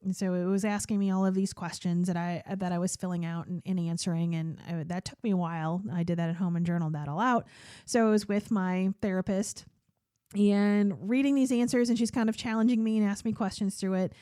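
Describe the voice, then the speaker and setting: A woman's voice: mid-range voice, fairly even intonation, a little fast, dark tone, smooth, clean studio sound. Chatty woman yapping on her podcast, open and candid, laughs a lot, no room echo. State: tearful at times. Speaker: podcast host. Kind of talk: personal solo podcast talk.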